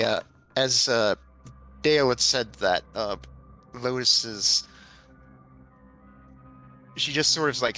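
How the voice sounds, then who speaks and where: Male player, bright tone, casual filler-heavy speech, light music bed. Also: medium pitch, rough recording. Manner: casual, hedging with many fillers. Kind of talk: tabletop role-play.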